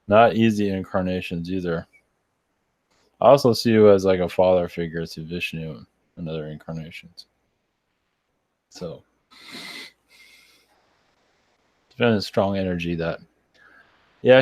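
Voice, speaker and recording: A man with a deep, low voice answers viewers' questions live as a channeler. He sounds tired and talks in a loose, halting way, with many fillers and restarts. The recording is dry and close. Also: darkish tone, no echo. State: tired, yawning. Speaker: spiritual channeler.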